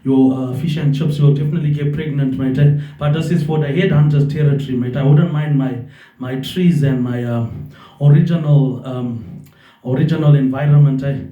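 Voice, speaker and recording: A man's voice: medium pitch, steady tone, moderate pace, warm tone. Rambling New man, distant and roomy. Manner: drifting, repetitive, tags nearly every phrase with "mate". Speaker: vlogger. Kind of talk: rambling monologue. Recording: distant roomy dull recording.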